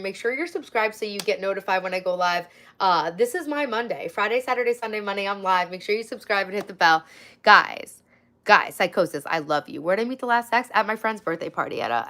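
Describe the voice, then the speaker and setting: A woman in her forties hosting a long casual livestream, chatty and sarcastic, reading out viewer comments, a little hoarse from talking for hours. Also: medium pitch, pushed and bright. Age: 40s. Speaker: livestream host.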